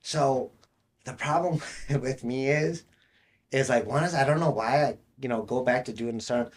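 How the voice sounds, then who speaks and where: A man's voice: mid-range voice, normal speed. A young man co-hosting a podcast, telling rambling stories in casual chat and laughing mid-sentence. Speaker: podcast co-host.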